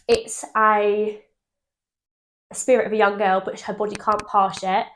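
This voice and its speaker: A young woman co-hosting a podcast, telling ghost stories in animated casual chat and swearing freely. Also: medium pitch, a little slow, slight background noise. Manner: animated storytelling, swears freely, laughs often. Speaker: podcast co-host.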